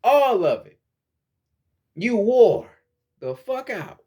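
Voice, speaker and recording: Man, fairly high voice, casual spiritual monologue, profane, lecturing, repetitive. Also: sing-song, drawn-out words, dark tone, breathy edge. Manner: blunt and profane, lecturing, repeats himself. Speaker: spiritual vlogger.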